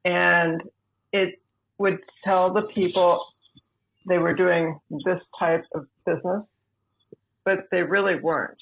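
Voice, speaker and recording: Gravelly woman over a tinny line. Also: on the low side, steady tone. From United States. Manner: measured, deliberate storyteller. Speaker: podcast guest. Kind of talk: personal storytelling. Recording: tinny phone-like remote line.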